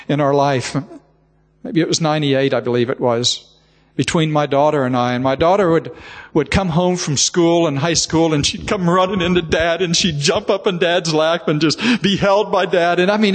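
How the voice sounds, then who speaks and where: An older man preaching a sermon, telling a heartfelt family story with emotion and repeated words. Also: a little high. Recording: reverberant hall.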